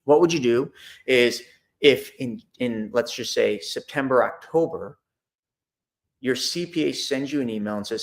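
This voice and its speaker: A middle-aged man talks straight to his online audience in a loose, conversational way. He circles back and repeats himself, and he acts out his phone calls. His voice sits at an ordinary middle pitch. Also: a little slow. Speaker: host of a money and investing talk. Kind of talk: casual live talk to an online audience.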